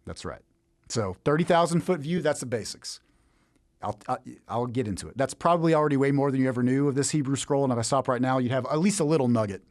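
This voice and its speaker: A man's voice: mid-range voice, fast, darkish tone, no room sound. Playful man teaching the Bible. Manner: playful, jokey, asks rhetorical questions. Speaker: Bible teacher, podcast host. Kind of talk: casual Bible teaching monologue.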